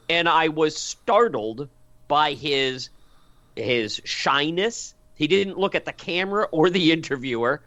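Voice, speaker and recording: A man co-hosting a podcast in casual chat, telling a story in a wry, animated way. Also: on the high side, no echo, dull audio. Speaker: podcast co-host.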